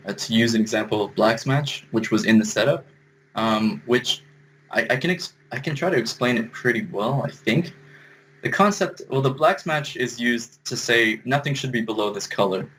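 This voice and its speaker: A man's voice: medium pitch, expressive, moderate pace, fairly bright tone, slight background noise, low-quality recording. A man giving a casual screen-share compositing tutorial, thinking aloud as he explains each step. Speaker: compositing instructor.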